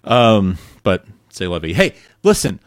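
Male podcast host, casual, animated, mid pitch, dry mic. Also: unhurried, no echo. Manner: laughs often, chatty and animated. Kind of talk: casual chat.

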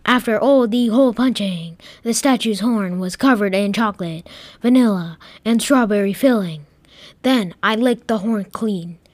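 A woman narrating a playful first-person story as a Martian visitor, dramatic and lively. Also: medium pitch, normal speed, no room sound.

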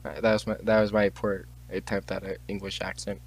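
A man's voice: low voice, level tone, fast, gravelly, no echo. Teen guy reading history facts, dry. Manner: stumbles over names, joking asides. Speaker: podcast host. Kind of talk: casual chat, reading on-this-day facts.

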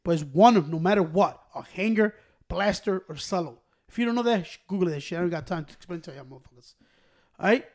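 Profane, high-voiced storytelling man. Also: fast. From Hispanic American. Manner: profane, animated, laughs mid-story. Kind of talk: casual storytelling with friends.

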